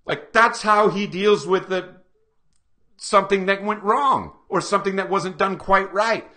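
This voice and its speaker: A man presenting a seminar to a live audience, energetic and full of rhetorical questions aimed at the room. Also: sits high, a little slow. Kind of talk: live lecture to a small audience.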